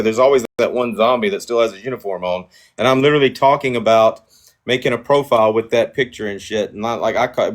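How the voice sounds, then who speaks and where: A man hosting a livestream, telling stories in a rambling, profane way. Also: mid-range voice. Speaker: livestream host. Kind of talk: casual chat.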